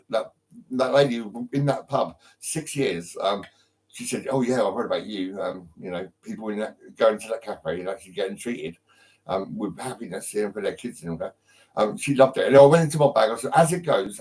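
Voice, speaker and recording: A man from England chats live into his phone from home in a lowish voice. He rambles, restarts his sentences and swears freely. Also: brisk, a little mellow, rough recording. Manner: rambling, full of ums and restarts, heavy swearing. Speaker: livestreamer. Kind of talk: rambling live-stream chat.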